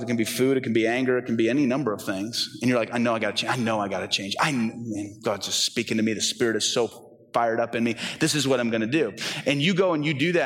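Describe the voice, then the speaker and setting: A pastor in his forties preaching a conversational, animated sermon in a church, often acting out the voices he quotes. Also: on the high side, big-room sound. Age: 40s.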